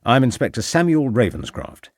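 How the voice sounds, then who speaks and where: A man's voice: mid-range voice, sing-song, normal speed, dry recording, studio quality, pitched above the performer's own voice, close to an everyday voice. A man voicing a male police inspector who speaks formally and courteously.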